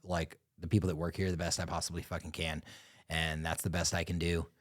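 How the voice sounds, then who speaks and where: A man co-hosting a podcast, ranting profanely in casual chat and turning reflective about running his business. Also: little pitch movement. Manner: profane, fast ranting, drops into low reflective tone. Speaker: podcast co-host, business owner.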